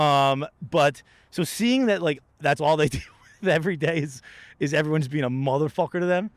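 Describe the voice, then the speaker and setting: A man's voice: fairly high pitch, fairly quick, dry recording. Rambling, profane man telling stories. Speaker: podcast host. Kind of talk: casual comedic monologue. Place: outdoors by a lighthouse.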